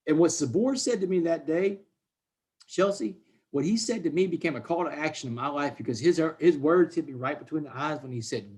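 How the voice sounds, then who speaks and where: Man, 40s, fairly high voice, emphatic storyteller on a video call. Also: lively intonation, a little fast, darkish tone. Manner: emphatic, repeats words, addresses listeners as "man" and "y'all". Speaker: guest speaker. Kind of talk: conversational storytelling.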